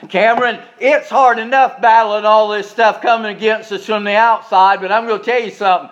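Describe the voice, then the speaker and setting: A preacher man with a high voice delivers a sermon, folksy and emphatic, turning to his listeners with asides. The sound is dull and lo-fi, like an older recording. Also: fairly even intonation, fairly quick, hardly any pauses, a bit bright.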